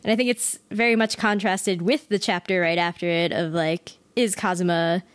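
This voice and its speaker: A woman co-hosting a podcast, chatting casually in a relaxed, thoughtful way. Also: lowish voice, moderate pace, clear, resonant tone, dry recording. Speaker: podcast co-host. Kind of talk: casual chat.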